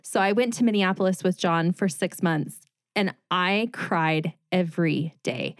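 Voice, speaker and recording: A woman's voice: lowish voice, measured pace, no echo, clean studio sound. A middle-aged woman, a former news reporter and now a designer, telling her story as a guest in a casual interview, acting out quoted dialogue. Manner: animated retelling with quoted dialogue and laughs.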